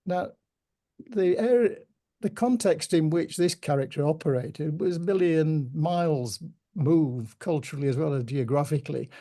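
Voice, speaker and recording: An older man with a Yorkshire accent, telling stories in a measured, reflective way with gentle humour during an interview. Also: fairly high pitch. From Yorkshire, England. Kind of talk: reminiscing conversation.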